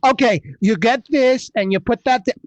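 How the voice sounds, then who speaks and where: Exasperated man doing stand-up on a video call. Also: sits high. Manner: animated, exasperated, laughs at own jokes. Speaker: comedy show host.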